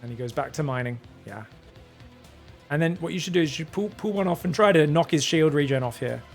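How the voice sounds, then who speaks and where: An Australian man giving casual solo play-by-play commentary on an esports match, chatty and thinking aloud, getting excited on big plays. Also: a little high, a little fast, vocal fry, soft background music. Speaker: esports caster.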